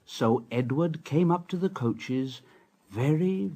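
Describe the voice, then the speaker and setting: A man narrating a children's storybook in a gentle, sing-song read-aloud manner. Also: on the high side, lively intonation, slow pace.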